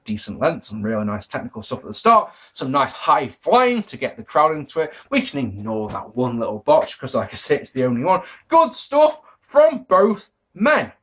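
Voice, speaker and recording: Brief: male reviewer, excitable and self-correcting, animated pitch. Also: breathy edge. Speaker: video reviewer. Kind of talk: casual wrestling DVD review.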